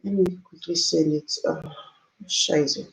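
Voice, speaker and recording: A woman's voice: medium pitch, lively intonation, moderate pace, darkish tone, rough recording. A woman hosting a live stream, talking to viewers in a distressed, emotional, exclaiming way. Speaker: livestream host.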